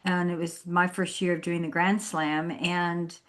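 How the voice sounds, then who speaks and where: A woman's voice: fairly low pitch, level tone, measured pace, a bit bright. Chatty woman podcast host. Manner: chatty storyteller, acts out quoted voices, laughs often. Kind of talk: casual podcast conversation. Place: home.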